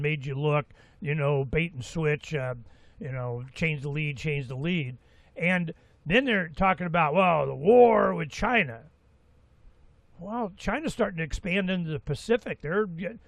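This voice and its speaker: A man in his sixties giving a rambling, folksy talk-radio monologue as host, with animated asides. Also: fairly high pitch, unhurried, creaky, dry recording. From Florida, USA. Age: 60s.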